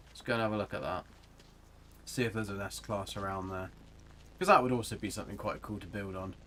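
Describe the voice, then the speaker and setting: A man's voice: fairly low pitch, fairly bright tone. A British man giving chatty, rambling gameplay commentary on a livestream, swearing casually. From England. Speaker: gaming livestreamer.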